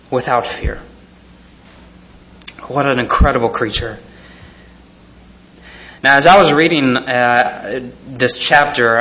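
A man's voice: medium pitch, sharp tone. A man preaching a sermon, reading scripture aloud and chuckling often as he pictures the scenes. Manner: hesitant fillers and restarts. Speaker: pastor.

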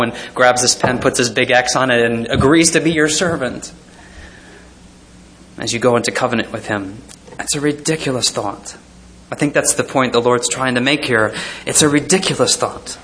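Reading verses aloud, this animated pastor keeps breaking into chuckles, thinking aloud with plenty of fillers and restarts. He preaches in a bright, forward voice of middling pitch.

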